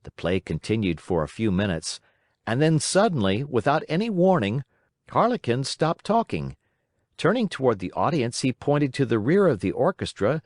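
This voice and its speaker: A man reading a classic children's storybook aloud in an expressive, dramatic way. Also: mid-range voice, moderate pace, dry recording, clean studio sound. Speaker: audiobook narrator. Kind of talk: scripted storybook narration.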